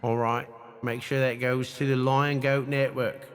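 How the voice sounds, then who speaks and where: A man co-hosting an improvised comedy podcast, deadpan and mock-serious. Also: medium pitch, a little slow, soft background music. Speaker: podcast co-host.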